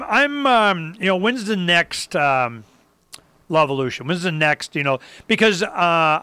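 A man's voice: fairly high pitch, clean tone, dry recording. A man telling stories in casual political talk, acting out other people's lines and whooping now and then. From Arizona. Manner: animated storyteller, acts out others and whoops.

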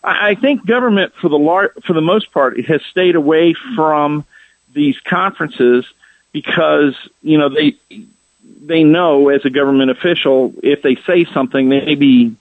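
Man, phone-in guest, halting speech, lots of ums, tinny phone line, slightly high voice. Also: no room sound. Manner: hesitant, halting, many fillers. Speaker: guest, conference organizer. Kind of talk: radio call-in interview.

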